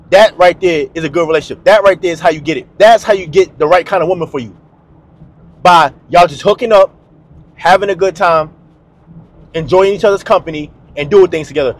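A man hosting a dating advice video, talking bluntly and emphatically to camera in a slangy, repetitive way. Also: high-pitched. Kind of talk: direct-to-camera advice monologue.

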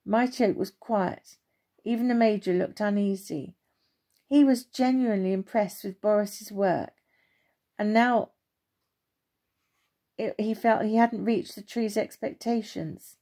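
A woman narrates a children's story in a gentle, expressive reading voice. Her tone is dark and mellow. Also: medium pitch, a little slow, pauses often.

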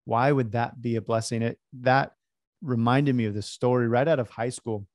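Male speaker, animated storyteller, mid pitch, close dry mic. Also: moderate pace, no room sound. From California. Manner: animated, self-deprecating storyteller. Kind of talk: storytelling talk.

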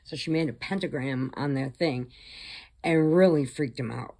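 A woman's voice: sits low, normal speed. A woman vlogger chattily retelling a horror film plot, acting out the characters along the way. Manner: chatty, animated, acts out the characters' voices. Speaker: crochet vlogger.

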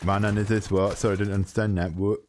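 A man's voice: lowish voice, flat delivery, quick pace, darkish tone, a little hiss or hum. A man with an English accent taunting other players in game voice chat, mocking and boastful, speaking through a headset. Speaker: streamer trolling other players. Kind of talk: insulting banter over game voice chat.

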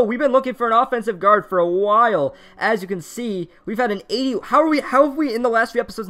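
A young man streaming live while opening card packs in a mobile game. He chats with viewers, reads chat aloud, and bursts into shouting and laughter at big pulls. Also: high voice. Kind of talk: live pack-opening commentary. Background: faint background music.

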